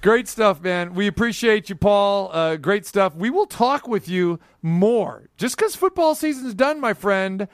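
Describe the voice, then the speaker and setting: An American man hosting a sports talk show, animated and quick to laugh. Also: sits high, smooth, no room sound, clean studio sound. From United States. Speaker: host.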